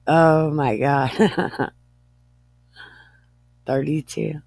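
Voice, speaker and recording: A woman reads scripture aloud at a very slow pace, breaking into giggles and tripping over words. Her reading is irreverent and joking. The sound is dry and close. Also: deep voice, fairly even intonation, a little mellow, dry recording. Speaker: Bible reader. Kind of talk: irreverent comedic Bible reading.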